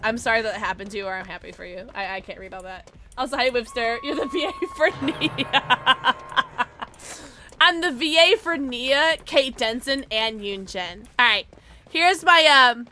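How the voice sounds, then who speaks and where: A woman streaming a video game who chats casually with her viewers, giggly, loud and excitable, and high on edibles. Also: normal speed, slight background noise. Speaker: streamer and voice actor. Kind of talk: casual game livestream chat.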